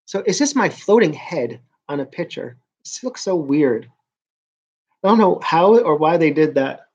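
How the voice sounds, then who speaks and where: A man's voice: on the high side, animated, a little slow, a little mellow, breathy edge. A man in his forties with a New York accent, chatting casually to viewers on a live stream, rambling and stop-start. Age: 40s. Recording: dull lo-fi stream audio.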